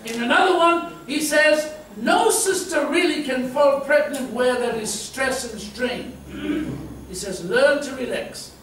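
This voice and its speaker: A middle-aged South African man preaches with a high, light voice, playfully acting out quotes and stories. He is picked up from far off in a big church hall with heavy echo. There is steady noise behind him. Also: measured pace. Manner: humorous, storytelling, acts out quotes. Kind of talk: sermon. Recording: echoey hall from far off, noisy.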